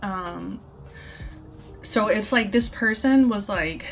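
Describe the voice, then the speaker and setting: Casual tarot reader, woman, unhurried and giggly, filler-heavy rambling. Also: mid-range voice, soft background music. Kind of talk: casual tarot channeling video. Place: at home.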